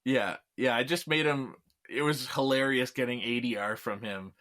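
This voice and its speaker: A man from Canada talks as a guest in a relaxed podcast interview, his voice sitting at an ordinary middle pitch. He chats loosely and laughs often between remarks. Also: normal speed. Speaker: filmmaker guest.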